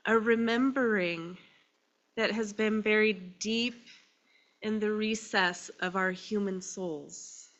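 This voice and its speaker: Tearful woman minister giving a slow sermon. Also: mid-range voice, fairly bright tone, highs cut off. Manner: slow, emotional and tearful, with pauses between phrases. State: crying.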